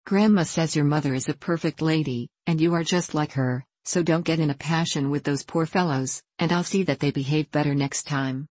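A woman's voice: deep voice, normal speed, hardly any pauses, darkish tone, no room sound. A woman reading a petulant fashionable girl. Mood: fretful. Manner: petulant, fretful.

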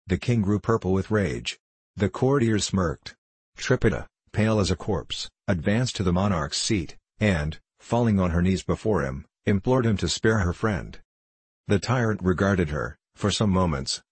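A man narrating a classic tale as an audiobook, in a measured, steady manner. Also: deep voice, breathy edge, dry recording. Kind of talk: audiobook reading.

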